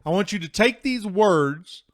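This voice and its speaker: A man with a somewhat high voice records a motivational video in his computer room at home. He talks in an earnest, emphatic way, often repeating words for weight. He addresses viewers casually, like friends. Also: lively intonation, measured pace. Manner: casual Southern-style address with "y'all" and "man". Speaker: vlogger. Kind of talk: motivational talk to camera.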